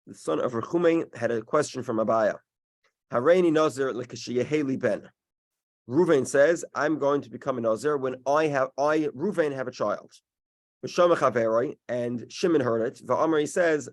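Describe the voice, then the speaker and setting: A medium-pitched man teaches a Talmud class held in person and streamed online. He works through each case slowly and carefully, halting and restarting sentences as he reasons aloud step by step.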